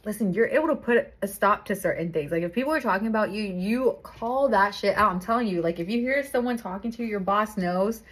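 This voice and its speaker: Young woman, tarot reader, chatty and laughing a lot, loose casual talk, mid pitch. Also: brisk, few pauses. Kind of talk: casual tarot reading to camera.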